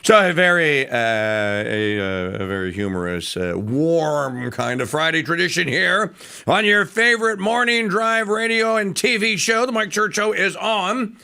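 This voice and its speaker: A man hosting a morning radio and TV talk show, chatting and plugging memberships in an animated way. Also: a little high, measured pace, creaky.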